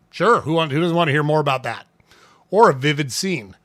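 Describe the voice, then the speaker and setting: A man hosting a casual tips talk, speaking conversationally, often checking in with "right?" and clearing his throat now and then. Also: fairly high pitch, expressive, brisk, fairly bright tone, no room sound. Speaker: host.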